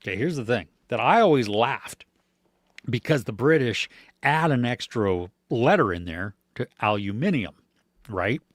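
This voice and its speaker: This American podcaster has a mid-range voice and speaks a little slowly. He chats casually and meanderingly about movies, reads viewer comments, and sprinkles in fillers and small laughs. Studio quality, no room sound.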